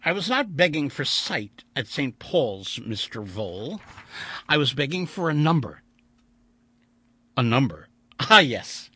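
A man's voice: mid-range voice, sing-song, unhurried, pauses often, pushed and bright, slightly rough, no room sound, pitched above the performer's own voice, heavily acted. A man voicing an austere, cynical blind older male mathematician who speaks in a wry, theatrical way.

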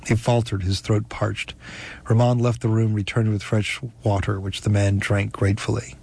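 A man narrates an audiobook in a steady, even way. His voice sits on the low side with a gravelly, husky grain. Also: normal speed.

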